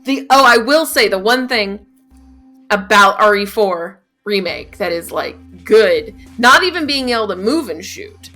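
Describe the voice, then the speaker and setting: A woman's voice: mid-range voice, expressive, measured pace, bright, forceful tone, faint music behind. A young adult woman co-hosting a podcast, chatting candidly and casually, with the odd swear word. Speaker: podcast co-host. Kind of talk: casual chat about video games.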